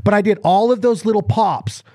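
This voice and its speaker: Jokey, high-ish male podcast host, dry close sound, animated teaching. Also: fairly quick, no echo. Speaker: podcast co-host and duck caller. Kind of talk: casual podcast explanation. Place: driving in a car.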